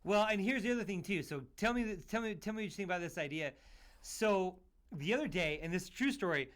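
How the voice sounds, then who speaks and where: A man's voice: high voice, expressive, fast talker, fairly bright tone. A man from Utah hosting a podcast, chatting casually in an upbeat, joking way, full of "man" and "dude". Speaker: podcast host.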